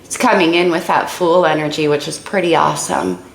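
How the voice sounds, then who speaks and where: A woman with a creaky morning voice doing a casual tarot reading, musing and exclaiming as she turns the cards. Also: sits low, steady tone, brisk, reverberant, a little hiss or hum, low-quality recording. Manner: musing and exclamatory, thinking aloud over cards. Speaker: tarot reader.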